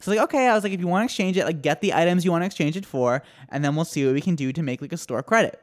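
A man's voice: a little high, animated, rapid-fire. A man co-hosting a podcast, telling rambling stories in casual chat, swearing and laughing often. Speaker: podcast co-host.

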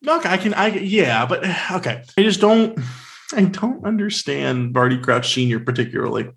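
A man co-hosting a podcast in casual film talk, sarcastic and animated, with many fillers. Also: high voice, moderate pace, gravelly. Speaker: podcast co-host.

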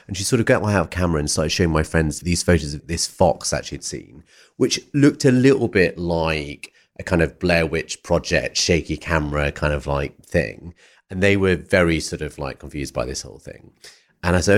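A man hosting a podcast tells an anecdote in a casual storytelling interview, speaking in an expressive bass voice at a moderate pace. He rambles and hedges constantly with "sort of" and "like."

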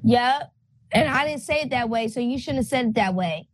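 A young woman playing a spelling game in casual chat, teasing and loud. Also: fairly high pitch, lively intonation, normal speed, noisy background.

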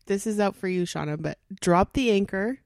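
A woman's voice: medium pitch, normal speed, vocal fry, a little mellow, no echo, clean studio sound. A woman hosting a casual chat, a supportive listener who turns reflective.

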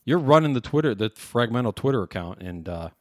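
A man's voice: medium pitch, lively intonation, a little fast, no room sound, studio quality. A man co-hosting a podcast, talking in a laid-back, wry, casual way. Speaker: podcast co-host. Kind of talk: casual chat.

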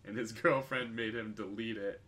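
A man's voice: lowish voice, fairly even intonation, normal speed, a crowd in the background. A young man in casual podcast chat, talking in a laid-back way with many fillers and laughs. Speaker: podcast co-host.

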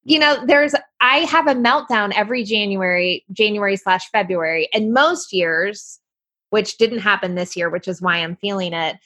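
A woman guest on a podcast, telling candid stories in an animated way, laughing and swearing freely. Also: medium pitch, normal speed. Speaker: guest life coach. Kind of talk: casual podcast conversation.

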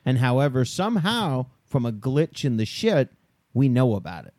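A man's voice: medium pitch, big pitch swings, normal speed, darkish tone, no echo, clean studio sound. A man in his thirties co-hosting a casual chat, swearing loosely and laughing often. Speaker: podcast co-host.

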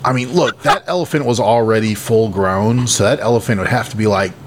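A man chatting casually on a podcast, laid-back and dry. His voice sits a little low. A faint hiss of noise runs behind him. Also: fairly quick. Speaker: podcast co-host.

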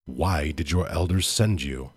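A man's voice: breathy edge, no echo, clean studio sound, full character voice. Man reading as a commanding vampire prince. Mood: menacing. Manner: deep, slow and authoritative.

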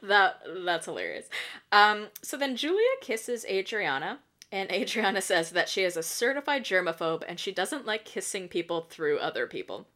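A woman hosts a podcast recapping reality TV in casual chat, laughing often and swearing freely. Her medium-pitched voice is sing-song and sharp in tone, and she talks at a moderate pace.

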